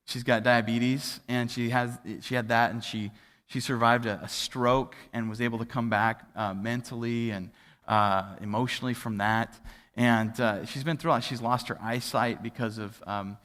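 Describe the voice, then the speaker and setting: A man preaching a sermon as a pastor, telling a family story in a loose, conversational way with many fillers and restarts, and falling to a near hush at the tender parts. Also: medium pitch, fairly even intonation, moderate pace. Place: church auditorium. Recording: livestreamed with long hall reverb.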